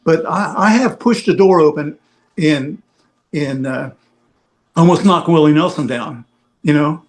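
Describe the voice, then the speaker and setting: Man, slightly high voice, rambling anecdotal roadie storyteller, filler-heavy. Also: measured pace. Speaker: veteran rock roadie guest. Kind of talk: casual storytelling on a podcast.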